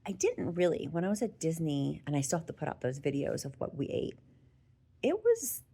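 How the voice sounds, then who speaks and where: A middle-aged woman talks straight to her viewers in a loose, chatty vlog. Her voice sits low, with a gravelly fry running through it. She sounds open and emotional. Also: darkish tone. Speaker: vlogger. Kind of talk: casual talk to camera.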